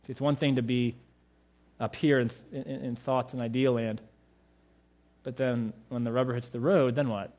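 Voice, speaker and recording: A man's voice: medium pitch, steady tone, normal speed, pauses often, darkish tone. A male pastor preaching a sermon in a conversational way, raising rhetorical questions to his listeners.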